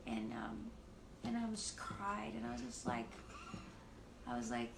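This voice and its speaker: Candid woman, gravelly, over guitar. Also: mid-range voice, sing-song. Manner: candid, halting, laughs often. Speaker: worship leader. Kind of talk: livestream personal testimony. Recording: roomy echo with loud guitar. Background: guitar music.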